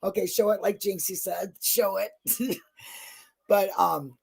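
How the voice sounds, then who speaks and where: A woman's voice: fairly low pitch, a little slow, creaky, darkish tone, husky. A woman talking in a casual livestream chat about true crime, emotional and effusive, blunt and not shy about swearing. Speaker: true crime channel guest.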